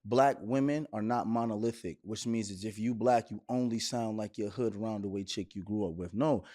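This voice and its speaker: A man's voice: lowish voice, dark tone. A man co-hosting a podcast, talking casually and pressing his point with questions. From Brooklyn, New York. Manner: challenging, quick to push back with questions. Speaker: podcast co-host. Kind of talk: casual conversation.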